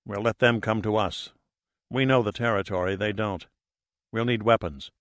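Man reading a cool tough male diver, clipped and wry, bright dry voice, audiobook. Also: lowish voice, steady tone, normal speed, no room sound. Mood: steady.

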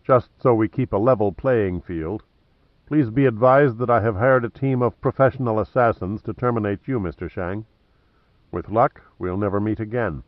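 A man reading an audiobook plays a wry, cocky male adventurer who stays cool under threat, mocking and deliberate. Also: lowish voice, dry recording, highs cut off, close to an everyday voice.

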